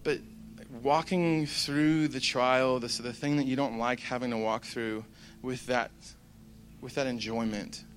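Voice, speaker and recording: A man's voice: medium pitch, steady tone, a little slow, faint music behind. A young man giving a casual devotional talk, rambling and conversational with plenty of fillers. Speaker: Christian speaker.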